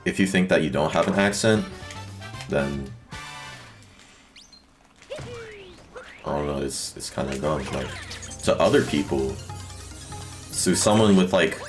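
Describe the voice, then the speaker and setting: Very deep young male streamer, rambling casual chat, lots of fillers, loud game music underneath. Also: a little slow, pauses often. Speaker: speedrunner streaming a run.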